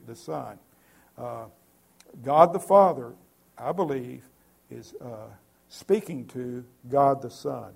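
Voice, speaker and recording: A man's voice: medium pitch, unhurried, vocal fry, darkish tone. A man preaching a sermon earnestly, with many filler sounds and repeated words.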